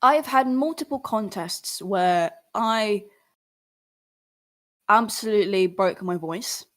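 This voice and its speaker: A young adult woman speaks in a relaxed, conversational way. She is earnest and encouraging, like a singer cheering on her listeners. Her pitch sometimes jumps up when she gets animated. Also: slow. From Philippines. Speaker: singer and artist answering fans. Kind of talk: casual livestream chat.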